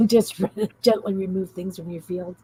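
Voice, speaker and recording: A woman's voice: on the low side, fairly even intonation, unhurried, mellow, breathy edge, low-quality recording. Giggly, rambling woman hosting a craft stream. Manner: giggly, rambling, chatty with viewers. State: tired. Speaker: craft live-stream host. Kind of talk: casual live-stream chat while crafting.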